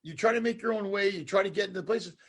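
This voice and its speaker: A man hosting a casual interview chat, telling a rambling, animated story and laughing along the way. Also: high-pitched, quick pace, husky. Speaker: host.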